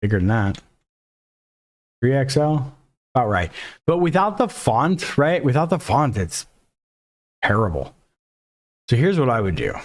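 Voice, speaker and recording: A man talks through a coding lesson in a loose, conversational way, narrating each step as he goes. He cracks jokes at his own expense and reacts out loud to what he sees on screen. His voice sits at an ordinary middle pitch. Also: big pitch swings, a little slow, pauses often. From Mexico. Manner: jokey, thinks aloud, self-deprecating asides. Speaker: coding instructor.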